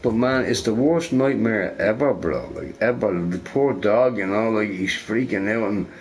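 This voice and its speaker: A man's voice: on the low side, normal speed, background noise. A man chatting casually while playing a game, rambling and laughing, with lots of "you know" and "right". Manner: rambling, laughing, fond of filler words. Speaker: gamer.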